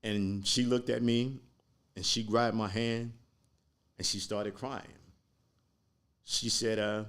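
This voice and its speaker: Low gravelly man telling a personal story. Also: level tone, fairly bright tone. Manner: slow, earnest storytelling. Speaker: podcast guest.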